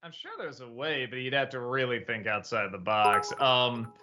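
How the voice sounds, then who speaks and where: Bright-voiced man, hesitant and laughing. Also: medium pitch, steady tone, normal speed, faint music behind. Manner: hesitant, many ums, laughs easily. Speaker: show host and reviewer. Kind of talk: casual livestream chat.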